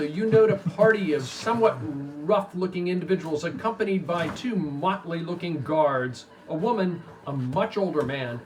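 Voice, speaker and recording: A man narrating as game master of a tabletop role-playing game, animated and chatty. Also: a little high, slight background noise.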